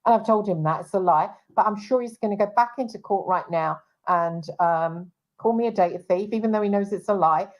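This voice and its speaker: A woman's voice: medium pitch, brisk, hardly any pauses, rough recording. Agitated, indignant woman talk-show host. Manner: indignant, agitated, many restarts. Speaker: show host and private investigator. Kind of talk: casual talk-show chat.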